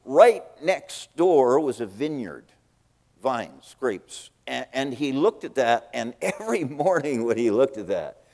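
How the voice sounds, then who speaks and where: A man preaching a sermon, telling a story in a folksy, animated way and acting out the scenes. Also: mid-range voice, slow pace. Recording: long reverb in a big hall.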